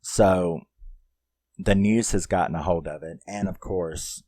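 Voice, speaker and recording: A man's voice: sits low, a little slow, darkish tone. A man giving a casual, rambling film review, swearing freely and using lots of fillers. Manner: rambling and profane, with many fillers.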